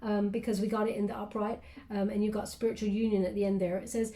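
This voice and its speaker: Mellow-voiced woman giving a chatty card reading. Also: medium pitch, little pitch movement, fast talker. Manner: gentle, affectionate, chatty with many fillers. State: briefly tearful then composing herself. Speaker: tarot card reader. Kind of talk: casual spoken card reading.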